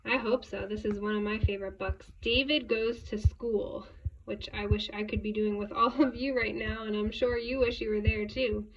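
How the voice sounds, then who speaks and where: A woman reading a children's picture book aloud, animated and stopping to ask young listeners questions. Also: mid-range voice, moderate pace, distant mic. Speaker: storybook reader for children. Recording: dull lo-fi recording.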